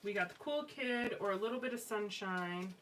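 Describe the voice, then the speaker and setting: Expressive and moderately paced, a medium-pitched woman hosts a live craft stream, scrapbooking while she chats and drifts off topic with many fillers and restarts. The audio comes from a slightly distant mic with a faint background hum.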